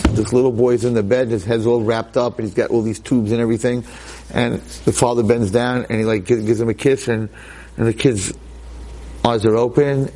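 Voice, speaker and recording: A man giving a storytelling talk, animated and acting out voices, sprinkling in Yiddish and Hebrew words. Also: medium pitch. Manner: peppers his speech with Yiddish and Hebrew words. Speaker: lecturer.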